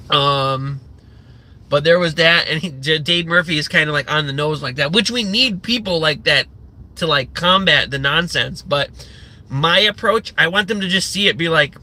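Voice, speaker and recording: A man ranting on his own livestream, sarcastic and heavy on swearing, who rambles with frequent fillers and false starts. His voice sits a little high for a man and has a very bright, sharp edge. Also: normal speed. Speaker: livestream host. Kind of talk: profane livestream rant.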